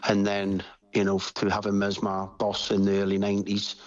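Emotional man, halting. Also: fairly low pitch, monotone, no echo, highs cut off. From Newcastle, England. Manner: halting, searching for words. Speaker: former footballer interviewee.

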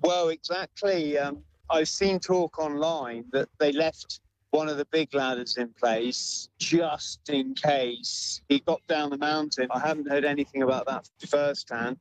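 Measured man recounting a climb. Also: on the high side, fairly even intonation, rough recording. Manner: measured, hesitant with fillers. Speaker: mountaineer guest. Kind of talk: remote interview answers.

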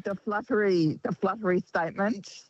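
A woman's voice: medium pitch, normal speed, no echo. A woman co-hosts talkback radio, teasing her partner and telling stories with frequent laughs. The sound is dry and slightly dull. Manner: warm storyteller, teasing, laughs often. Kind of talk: casual talkback radio chat.

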